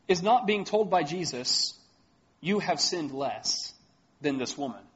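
A male pastor with a northern US accent preaches a sermon earnestly and emphatically, reading scripture aloud. His voice is on the high side, and the audio sounds dull.

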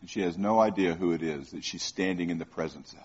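A man preaching in a husky voice, conversational and full of questions for the listeners. He often stumbles and repeats words. The recording sounds dull and lo-fi. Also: low-pitched, fast. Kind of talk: sermon.

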